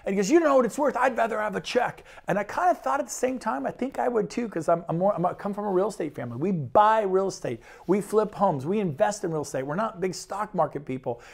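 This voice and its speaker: A man's voice: sits high, lively intonation, fast, gravelly, hardly any pauses. A man who works as a real estate broker, giving an enthusiastic, rambling sales talk about his brokerage. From Sacramento, California. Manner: enthusiastic, rambling, repeats phrases.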